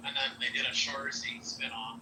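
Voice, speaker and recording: A man in casual podcast chat, teasing and easygoing, telling stories at an even pitch. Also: a little fast. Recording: echoey room, distant mic, clear background noise.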